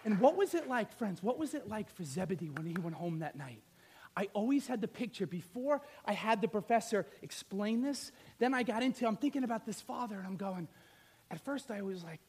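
A male pastor preaching an animated sermon, firing rhetorical questions and swinging from loud to soft. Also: high voice, a little fast, breathy edge.

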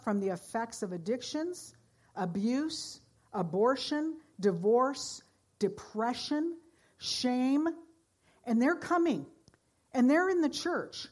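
A woman pastor preaching a sermon, earnest, moving between loud exhortation and hushed storytelling. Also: a little high.

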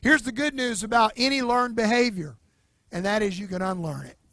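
A man's voice: high-pitched, a little fast, sharp tone, no echo. A male pastor delivering a sermon in an earnest, conversational way with casual asides, in a nearly empty church building.

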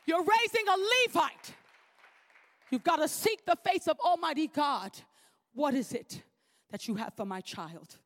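A woman's voice: sits high, lively intonation, measured pace. A woman preacher delivering a sermon in an emphatic, repetitive preaching cadence.

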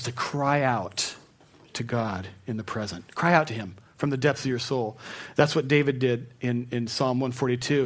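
A middle-aged man preaching a sermon, telling personal stories, dropping to a hush and then rising to fervent emphasis. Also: mid-range voice. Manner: personal storytelling, swings from hushed to fervent. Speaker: pastor.

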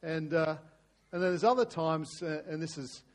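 A middle-aged man preaches in a casual, conversational way, often restarting his phrases. His voice sits a little higher than most men's, and at times it sinks to a hushed, prayerful tone. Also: moderate pace. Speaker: pastor. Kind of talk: sermon.

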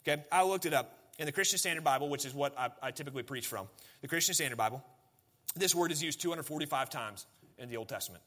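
A man's voice: on the high side, lively intonation, quick pace, sharp tone. A man, preaching a sermon as pastor in a conversational way, full of rhetorical questions and folksy asides.

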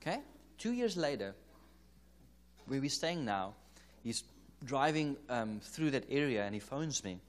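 A man's voice: mid-range voice, sing-song, measured pace. South African man preaching through a story. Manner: anecdotal, re-enacts dialogue, chuckles often. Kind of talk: conference sermon, storytelling. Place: church or conference hall.

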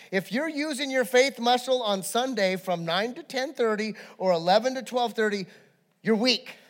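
A man preaches with a high, bright-sitting voice, building his sermon through animated storytelling. He swings from quiet asides to fired-up peaks as he tells his story. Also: long reverb tail. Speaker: pastor.

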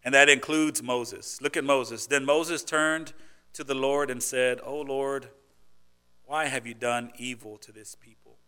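A man with a smooth, medium-pitched voice preaches as a pastor. Conversational with the congregation, he uses rhetorical questions and shifts between loud emphasis and low-key asides.

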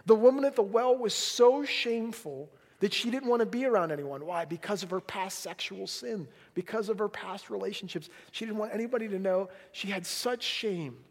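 Male preacher, high voice, animated delivery that drops to near-whispers, talks to the crowd directly. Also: moderate pace, few pauses. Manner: animated, swings between loud emphasis and hushed quiet lines; conversational, asks the audience questions. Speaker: pastor. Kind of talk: sermon.

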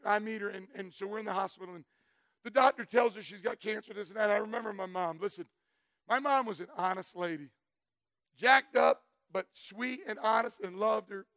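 Middle-aged man, high gravelly voice, loud testimony preacher, dry sound. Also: no echo. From Florida. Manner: loud, emphatic storyteller, shouts for emphasis. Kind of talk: sermon testimony.

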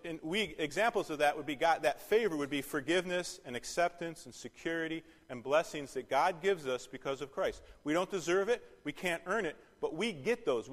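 A man's voice: on the high side, long reverb tail. A man teaching a Bible study, asking the class questions and repeating key phrases.

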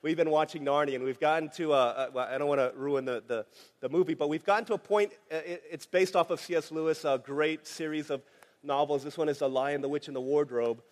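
A man preaching a sermon in a relaxed, conversational way, telling a family story with many fillers. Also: a little high, brisk. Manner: conversational, anecdotal, frequent fillers. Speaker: pastor. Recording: long hall reverb.

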